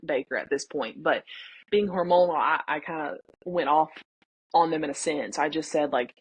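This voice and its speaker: A woman's voice: low voice, normal speed, slightly rough. A young woman guest speaking candidly and with feeling in a casual interview, often acting out what her family said. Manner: candid and emotional, reenacting family dialogue. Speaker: podcast guest.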